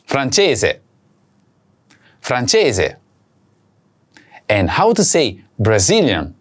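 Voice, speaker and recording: A man teaching a recorded language lesson, saying each word slowly and repeating it for learners to practise. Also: mid-range voice, huge pitch swings.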